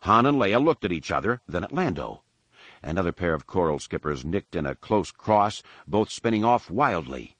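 A man with a low voice narrates an action story in a measured, dramatic reading. The recording is dry and close, with almost no room sound. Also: sing-song, a bit bright, no echo, dull audio. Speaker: audiobook narrator. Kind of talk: scripted narration.

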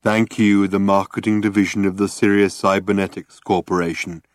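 A man voicing a gloomy, depressed male robot in a low, hopeless drone. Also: flat delivery, moderate pace, no room sound, studio quality, natural voice.

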